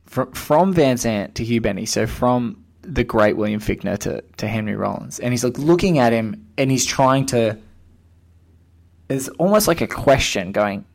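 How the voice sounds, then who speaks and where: A man hosting a podcast, chatting casually about a film in an excitable, rambling way and acting out quotes. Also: mid-range voice, moderate pace, vocal fry. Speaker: podcast host.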